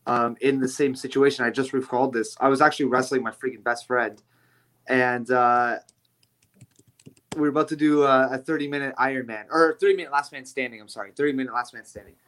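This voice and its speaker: A man's voice: medium pitch, steady tone, a little fast, fairly bright tone. Easygoing man in casual wrestling talk. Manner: easygoing, swears lightly, laughs along. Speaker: podcast guest, wrestler. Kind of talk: casual conversation.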